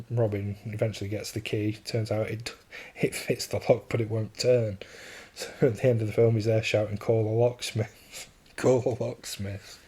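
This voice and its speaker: Guy rambling on his podcast, husky voice a bit low, keeps chuckling and repeating himself. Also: a little mellow. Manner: enthusiastic, chuckles often, repeats words as he restarts. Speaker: podcast host. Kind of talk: casual solo podcast monologue.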